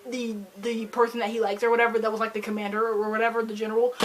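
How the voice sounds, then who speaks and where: A young woman from Michigan, a book vlogger, casually rambling through a book review with animated, dramatic plot retelling and lots of fillers, recorded on a camera mic. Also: a little high, very fast, slight background noise. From Michigan, USA.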